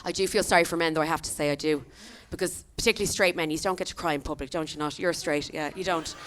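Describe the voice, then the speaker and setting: A woman's voice: sits low, steady tone, quick pace, a bit bright, a little hiss or hum. Young irish woman on stage doing stand-up, chatty storytelling, keeps asking the crowd "right?". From Ireland. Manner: chatty storytelling with tag questions. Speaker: stand-up comedian. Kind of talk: stand-up comedy set. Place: comedy venue stage.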